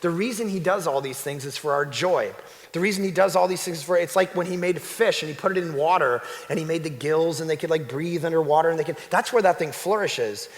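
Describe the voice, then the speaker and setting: A man preaching a sermon as a pastor, animated, swinging between loud exclamations and hushed emphasis. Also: fairly high pitch, brisk, big-room sound. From Canada. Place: church sanctuary.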